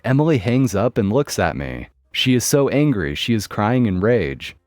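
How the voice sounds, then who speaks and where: Male narrator for a story read aloud, expressive, with a dry studio sound. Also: on the low side, normal speed, no room sound. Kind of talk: reading a forum story aloud.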